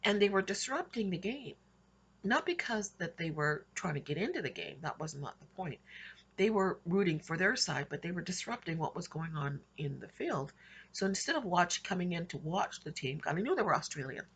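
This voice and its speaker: This woman's voice is on the low side, slightly rough and fairly bright, with a sing-song lilt at normal speed. A Christian vlogger, she casually rambles through her dreams, restarting often and laughing lightly.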